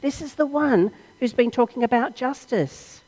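A woman's voice: sits high, moderate pace, mellow, breathy edge. A woman preacher giving a sermon as an earnest, dramatic storytelling retelling full of rhetorical questions. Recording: long hall reverb.

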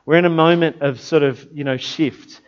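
A man giving a conversational sermon. He is reflective and often drops into a soft, prayerful tone. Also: fairly high pitch, steady tone, moderate pace, dull audio. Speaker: preacher.

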